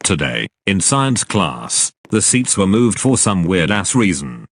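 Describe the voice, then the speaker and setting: Angry, profane storytime narrator; lower male voice. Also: big pitch swings, unhurried.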